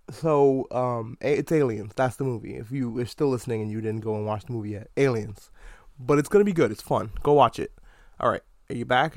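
A man hosting a podcast, chatting casually about a movie in an animated, swearing way. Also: mid-range voice, no room sound, studio quality. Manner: animated, profane, slips into mock slang quotes. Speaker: podcast host. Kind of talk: casual movie review monologue.

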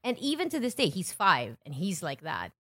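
A woman with a Filipino accent, co-hosting a podcast, telling animated stories in casual chat and mixing in Tagalog. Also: on the low side, moderate pace. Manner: animated storytelling with Tagalog mixed in. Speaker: podcast co-host.

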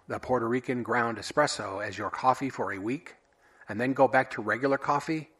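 A man hosting a solo podcast, sharing random thoughts in a wry, offhand, deadpan way. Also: medium pitch, husky. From United States. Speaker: podcast host.

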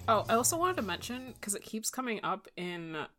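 A woman's voice: fairly high pitch, sing-song, a little fast, music in the background. A woman co-hosting a podcast in casual chat. She reacts with wry disbelief and talks frankly, swearing now and then. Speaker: podcast co-host. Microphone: home microphone in a squeaky chair.

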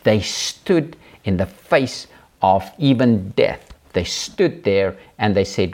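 Male host, low voice, preaching style, presses the listener with repeated rhetorical questions. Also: animated, slow, darkish tone. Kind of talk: preaching to a viewing audience.

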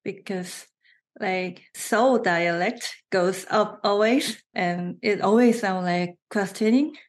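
A woman with a Korean accent, a native Korean speaker, chatting as an interview guest, with halting restarts and frequent laughter. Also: medium pitch. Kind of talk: casual interview chat.

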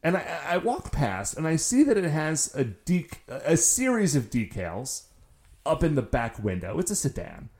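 A man's voice: on the high side, unhurried. A man co-hosting a casual podcast, telling a story with a lot of stammering restarts. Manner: animated, stammering restarts when excited. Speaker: podcast co-host.

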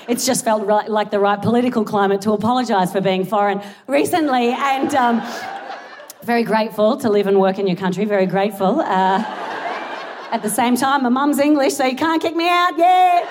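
A woman's voice: on the high side, moderate pace. A young Australian woman doing live stand-up in a big theatre, giggly, rambling and sweary with a self-mocking edge. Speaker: stand-up comedian. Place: large theatre stage. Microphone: stage mic. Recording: live theatre recording with audience noise. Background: audience laughter and crowd noise.

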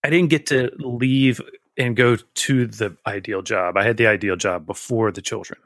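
A man's voice: on the low side, fairly even intonation, normal speed, a bit bright, no room sound, clean studio sound. A man in his forties, a guest who tells a rambling, candid, self-deprecating story in casual conversation.

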